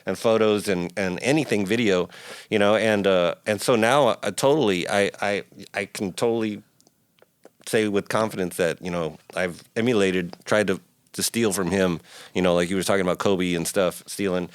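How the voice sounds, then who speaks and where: A middle-aged man, a guest musician, telling stories in a casual interview in a recording studio, acting out quotes with big jumps in pitch. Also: moderate pace, clear, resonant tone, no echo.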